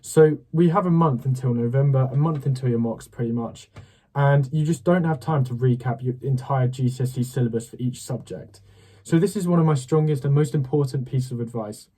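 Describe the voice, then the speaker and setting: A teenage boy talks straight to his viewers about revision, friendly and direct, with a habit of asking "okay?". His voice sits warm and mellow, with a slightly husky edge. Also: mid-range voice, brisk. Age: late teens. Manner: direct and upbeat, often checking in with "okay?". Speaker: student study-advice YouTuber. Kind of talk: casual advice to camera.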